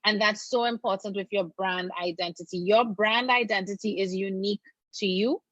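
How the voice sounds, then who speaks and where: A woman's voice: medium pitch, fairly even intonation, normal speed, a bit bright, no echo, dull audio. A woman attorney guest speaking earnestly and encouragingly, repeating phrases for emphasis. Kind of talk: casual interview chat.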